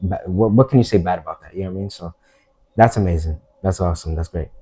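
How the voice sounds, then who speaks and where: A man's voice: sits low, fast, mellow, husky, rough recording. A young man co-hosting a casual podcast chat, laid-back, with frequent affirming murmurs.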